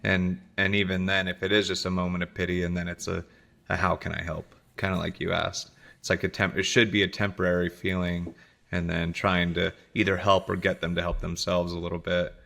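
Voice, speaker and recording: A man's voice: deep voice, flat delivery, brisk, gravelly, bright, forceful tone. A man co-hosting a podcast, talking in a laid-back casual way and laughing often. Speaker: podcast co-host. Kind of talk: casual chat.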